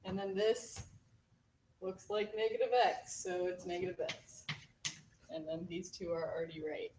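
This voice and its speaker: A woman's voice: lowish voice, moderate pace. A woman student working a math problem at the board, thinking aloud step by step. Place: classroom. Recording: echoey classroom, far from mic, noisy.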